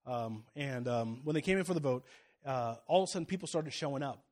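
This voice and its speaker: Preaching man, loud then hushed. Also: medium pitch, animated, fairly quick. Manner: storytelling, swings from loud preaching to hushed confiding. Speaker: pastor. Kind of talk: sermon.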